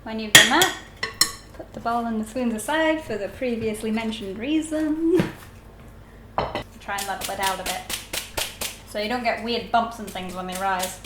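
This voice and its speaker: A woman with a fairly high voice talks through a recipe in a loose, chatty way, breaking into giggles as she works. Her voice bounces around a roomy, echoey kitchen. Dishes and cutlery clatter behind her. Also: expressive, normal speed, long pauses, noisy background. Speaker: baking vlogger. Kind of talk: casual recipe tutorial. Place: home kitchen.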